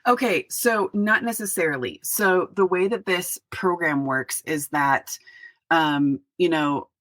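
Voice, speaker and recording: A middle-aged woman pastor, a podcast guest, speaking earnestly and reflectively, with pauses and restarts. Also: on the low side, a bit bright, no room sound. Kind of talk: podcast interview.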